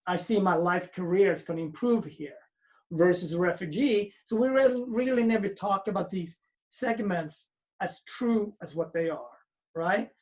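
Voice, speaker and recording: A man's voice: sits high, animated, normal speed, darkish tone. A man who grew up in Sweden, explaining points on a virtual panel over a video call and often checking in with "right?". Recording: muffled video call audio.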